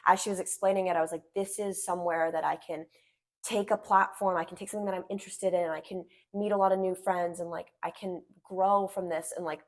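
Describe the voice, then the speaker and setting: Chatty teenage girl, lower voice. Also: a little fast. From Washington state, US. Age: teens. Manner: chatty, animated storytelling, frequent "like". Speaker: pageant titleholder guest. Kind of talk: casual interview chat.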